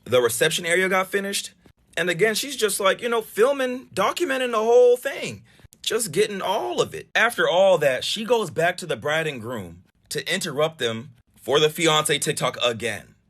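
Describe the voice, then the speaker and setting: A man's voice: high-pitched, animated, moderate pace, a bit bright. A man casually narrating and reacting to a story, with incredulous, sarcastic asides. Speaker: reaction commentator.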